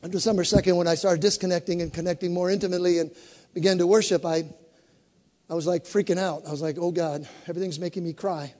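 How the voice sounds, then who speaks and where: A man's voice: high voice, fairly even intonation, fast talker, a little mellow. A man preaching a sermon as pastor, fervent and leading the congregation in call and response. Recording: long hall reverb.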